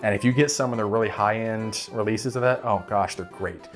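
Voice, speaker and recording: A man's voice: lowish voice, fairly quick. A man hosts a whiskey channel, giving casual bottle picks to camera and often asking "right?". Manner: relaxed, repeats words, says "right?" often. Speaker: whiskey reviewer and channel host. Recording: faint guitar music behind.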